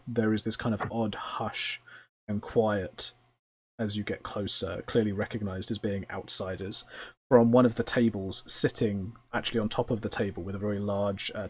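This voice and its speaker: A man narrating a tabletop game as game master, describing scenes at length with many pauses. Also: on the low side, slight background noise.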